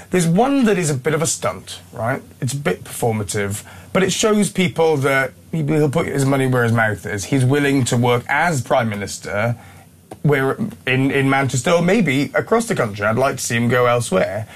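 A man with a Welsh accent, Welsh being his first language, speaks as a guest on a radio panel. His voice sits in a middle register, and he lays out his points in a measured, step-by-step way. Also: mid-range voice, big pitch swings.

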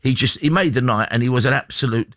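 Brisk man hosting a radio phone-in, dry studio mic. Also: mid-range voice, a bit bright, dry recording. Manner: brisk, enthusiastic.

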